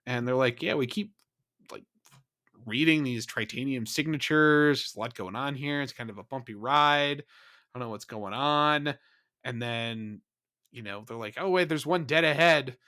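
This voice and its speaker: A young man co-hosting a podcast, recapping an episode in animated, laughing chat and yelling out quoted lines. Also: mid-range voice, moderate pace. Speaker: podcast co-host.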